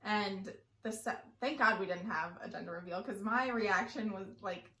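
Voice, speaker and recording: A young woman in casual chat, telling stories in an animated way. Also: mid-range voice, moderate pace, reverberant. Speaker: co-host.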